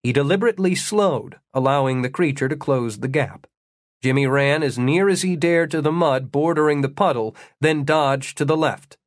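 A man reading an audiobook, telling an adventure story in a measured way with dry humor. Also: on the high side, no echo. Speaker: narrator. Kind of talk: audiobook narration.

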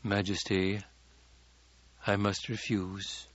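A man voicing a cold, controlled male courtier who speaks slowly with deliberate flatness. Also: on the low side, highs cut off. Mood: coldly controlled. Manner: slow, deliberate, flat emphasis.

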